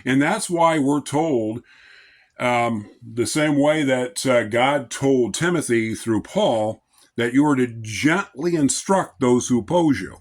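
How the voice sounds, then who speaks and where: A man giving an informal devotional talk as a Christian lay speaker, in a calm, measured, conversational way. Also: mid-range voice.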